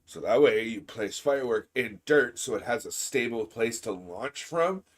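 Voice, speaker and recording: Laughing, excitable man chatting. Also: medium pitch, moderate pace. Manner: laughs often, stammers and restarts, gets loud when excited. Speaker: co-host of a gaming stream. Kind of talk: casual chat.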